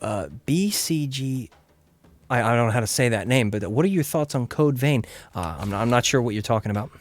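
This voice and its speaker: A man's voice: mid-range voice, animated, fairly quick, soft background music. A young man, rambling casually about gadgets and reading chat while he streams a game from home. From England. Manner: rambling, chatty, swears when the game goes wrong. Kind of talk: casual gameplay commentary.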